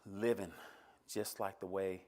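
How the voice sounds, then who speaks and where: A middle-aged man giving an emotional personal testimony in a church, telling his story and swinging from hushed, near-whispered lines to emphatic high points. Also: normal speed. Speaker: church speaker.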